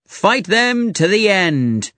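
Brief: man playing a commanding old male president, storybook, measured and slow, dry. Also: high-pitched, very animated, bright, forceful tone, no echo, voice pushed up, heavily acted. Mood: stately.

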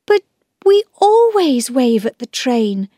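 A woman's voice: sits high, sing-song, slow pace, mellow, no room sound, voice pushed up, exaggerated voice. A sensible, caring older girl, put on by a woman reading a storybook, speaking earnestly and reasoning things out. Her voice sits a little above the narration, and the recording is dry. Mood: doubtful.

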